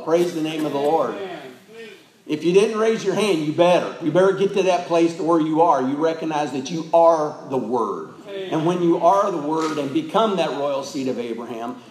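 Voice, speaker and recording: A man's voice: a little high, darkish tone. Fervent preaching man, echoey church. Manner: fervent preaching, frequent calls of amen. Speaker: pastor. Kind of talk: sermon.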